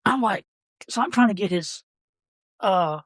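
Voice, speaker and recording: A man, a podcast guest telling stories about his brother in a halting, rambling way. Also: high-pitched, expressive, no echo, clean studio sound. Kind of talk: casual storytelling.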